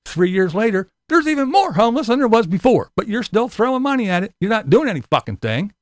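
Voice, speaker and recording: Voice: mid-range voice, very animated, fast talker, dry recording. Angry vlogger ranting, cussing a lot, voice swinging up and down, dry close sound. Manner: profane, combative, sarcastic.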